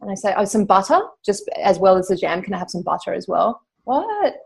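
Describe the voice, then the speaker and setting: A woman's voice: on the low side, little pitch movement, fast, gravelly, a little mellow. A woman with an Australian accent, a company founder chatting as a podcast guest in a friendly, laughing way. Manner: chatty, laughing, acts out quoted voices. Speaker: guest, founder of a nurse placement service. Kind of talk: casual interview chat.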